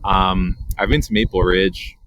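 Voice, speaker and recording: A man's voice: low voice, level tone, a little slow, a bit bright, a little hiss or hum. A man co-hosting a podcast, in laid-back, crude banter full of swearing and "dude". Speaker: podcast co-host.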